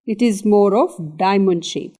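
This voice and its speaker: Indian lady doing an anatomy revision lecture, soft dark tone, lots of "okay"s. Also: medium pitch, measured pace. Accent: Indian English. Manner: explains step by step, often checking with "okay".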